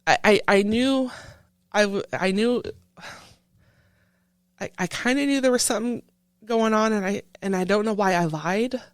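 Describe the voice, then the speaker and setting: Woman vet telling her story, stops and restarts a lot, mid pitch, dry close sound. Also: dry recording. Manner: halting, with many restarts, recounting a painful memory. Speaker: veteran guest. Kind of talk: personal interview storytelling.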